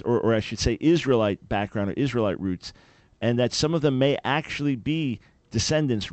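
A man's voice: mid-range voice, a little mellow, no echo. A man hosting a call-in radio talk show, answering listener questions in an earnest, explanatory and emphatic way.

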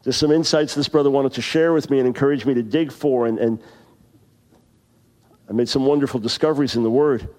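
A man around sixty preaching a sermon, telling stories and then reading scripture slowly with heavy emphasis. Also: medium pitch, steady tone, darkish tone. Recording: long reverb of a large hall.

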